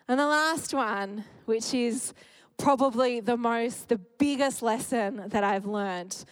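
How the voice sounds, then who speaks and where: A woman's voice: fairly high pitch, dry recording, low-quality recording. Candid, emotional woman preaching. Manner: warm, candid and emotional, laughing often. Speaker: speaker at church. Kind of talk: sermon.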